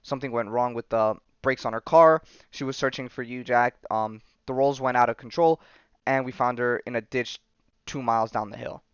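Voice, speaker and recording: A stern, worried father, scolding his grown son in a clear, even voice, as a man reads him from a comic. The sound is dry and slightly dull. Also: medium pitch, moderate pace, no room sound, lightly acted.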